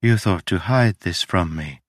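A man's voice: low-pitched, lively intonation, unhurried, no room sound, studio quality. Stern suspicious woman, read by a man.

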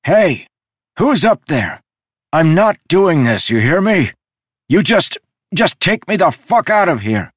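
A man voicing a volatile, foul-mouthed male digger who shouts and curses in a rage. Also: low-pitched, sing-song, slow, slightly rough, no echo, clean studio sound, heavily acted. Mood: raging. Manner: shouting, cursing, raging.

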